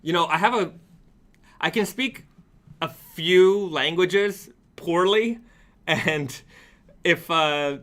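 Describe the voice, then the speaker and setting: Bright-voiced man hosting a casual live stream. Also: fairly high pitch, slow, pauses often. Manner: relaxed, reads viewer comments aloud with many fillers. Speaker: host of a brand's weekly live stream.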